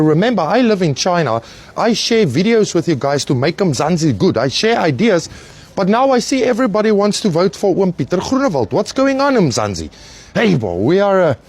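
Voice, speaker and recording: A man's voice: a little high, slightly rough. A man talking casually to his followers in a chatty social media video. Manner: lively, chatty, laughing asides.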